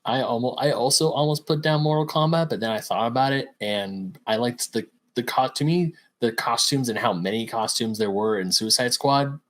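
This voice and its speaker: A man co-hosting a casual podcast, explaining his award picks with excitement. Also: medium pitch, moderate pace, few pauses. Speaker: podcast co-host.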